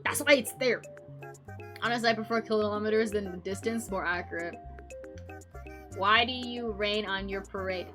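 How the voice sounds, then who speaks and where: A woman's voice: medium pitch, normal speed, long pauses, a bit bright, soft background music. A young adult woman streamer chatting casually, rambling, joking and swearing as she goes.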